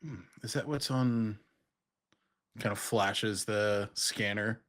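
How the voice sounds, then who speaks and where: A woman's voice: very deep voice, takes it slowly. A woman player in a tabletop role-playing game, blunt and swearing freely.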